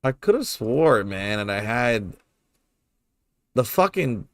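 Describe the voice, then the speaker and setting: A man's voice: medium pitch, very animated, slow, no room sound. A young man giving casual, rambling commentary while he streams a game, swearing freely and laughing often.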